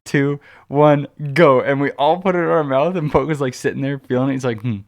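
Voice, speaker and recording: A man's voice: medium pitch, fast talker, a little hiss or hum. A man co-hosting a podcast, telling a long anecdote in a casual, rambling way full of "like" and restarts. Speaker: podcast co-host. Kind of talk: casual storytelling chat.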